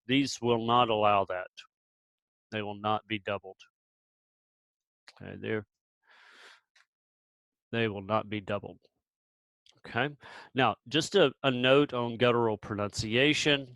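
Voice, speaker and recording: Guy tutoring hebrew, mid pitch, calm and patient, dry close mic. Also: no room sound, low-quality recording. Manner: patient, relaxed, repeats sounds slowly for learners. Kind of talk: explaining with pauses and restarts.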